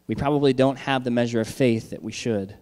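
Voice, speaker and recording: Man, pastor, conversational sermon, frequent "all right?" check-ins, mid-pitched voice, long church hall reverb. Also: steady tone, brisk, darkish tone.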